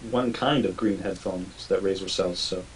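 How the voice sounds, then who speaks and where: Low-voiced male co-host, halting and curious, set back from the mic with keyboard clatter. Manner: hesitant, curious, asks questions. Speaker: stream co-host. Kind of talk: casual live stream chat. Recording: distant mic with faint hiss and typing.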